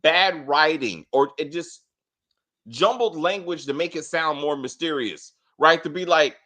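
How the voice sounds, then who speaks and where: A man co-hosting a casual spoiler review of a TV drama, talking in a blunt, animated way, cursing freely and restarting his sentences often. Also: on the high side, unhurried. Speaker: TV show reviewer, co-host.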